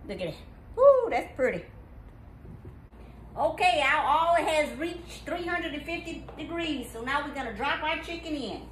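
A woman talks a viewer through a recipe in her home kitchen. Her voice sits high, and she is folksy and exuberant, with frequent whoops. A faint hum of room noise sits behind her. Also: animated, moderate pace, hardly any pauses, a bit bright, poor audio. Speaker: cooking show host. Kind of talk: casual cooking demonstration.

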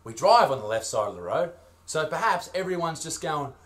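A man's voice: on the high side, big pitch swings, fairly quick. An Australian man ranting in a mocking, crude, over-the-top comedic style, full of sarcasm. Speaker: comedian on a video clip.

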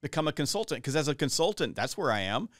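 A man's voice: a little high, sing-song, fast, a bit bright, no room sound, studio quality. A middle-aged man hosting a podcast interview, talking earnestly with frequent restarts. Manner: earnest, rambling with many restarts. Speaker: podcast host. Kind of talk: conversational interview.

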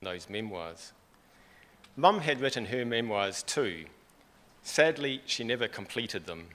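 A man's voice: mid-range voice, lively intonation, takes it slowly, fairly bright tone. A middle-aged man delivering a prepared funeral eulogy for his mother, with dry humour, in a church. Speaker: son giving a eulogy. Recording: long church reverb.

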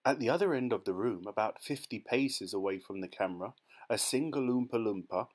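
A man narrating a children's storybook in a lively, expressive manner. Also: on the low side, fairly quick. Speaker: audiobook narrator.

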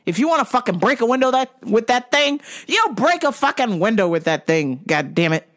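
A woman hosts her own show with a foul-mouthed comedic rant. Her voice swoops up and down with lively, animated pitch. Her delivery is brash and unfiltered. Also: brisk. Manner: profane, animated ranting. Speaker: vlog host.

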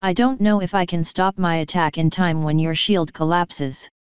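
A woman's voice: lowish voice, normal speed, clean tone, no room sound, lightly acted. A woman voicing a young female pony mage, shaky but determined and pleading, in a slightly dull, dry recording.

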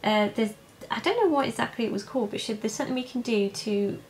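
A young woman telling her birth story in a vlog, halting and emotional, with many fillers and restarts. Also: a little high, a little hiss or hum, rough recording. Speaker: vlogger. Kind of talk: personal birth story, casual.

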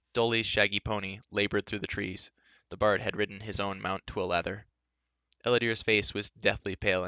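Man, low clear voice, reads a novel aloud in even storytelling, dry dull lo-fi sound. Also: no room sound. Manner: steady storytelling with occasional word slips. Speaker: reader. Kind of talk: reading a fantasy novel aloud.

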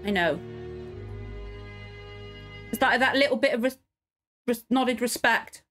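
A woman's voice: a little high, slow, fairly bright tone, soft background music. A woman reacting to a TV drama in casual commentary, emotional and swearing freely as she pleads with the characters. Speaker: TV show reactor.

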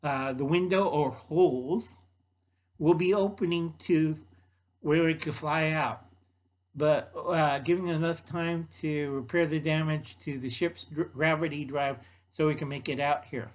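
A man's voice: a little high, unhurried, muffled recording, close to an everyday voice. A fussy time traveler rattling off made-up science in a lecturing tone, as an older man reads him out. The voice sits slightly raised and stays close to the narrator's own. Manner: pseudo-technical, lecturing.

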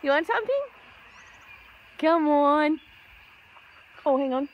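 Aussie woman cooing at birds outside, slow sing-song baby talk, quiet mutters to the camera. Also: sits high, animated, dull audio. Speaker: vlogger feeding wild kookaburras. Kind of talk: casual outdoor chat to animals and camera. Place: outdoors among trees. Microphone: handheld camera held to the side.

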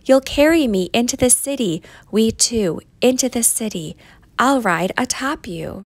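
A woman voicing a gentle, kind bearded man from a storybook, speaking softly and calmly. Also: fairly high pitch, a little slow, dry recording, natural voice. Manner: soft, gentle, calm.

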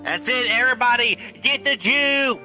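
High-voiced man hurling taunts. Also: animated, normal speed, over music. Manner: abrasive, taunting, hurls insults. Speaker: voice chat player. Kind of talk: crude game voice chat.

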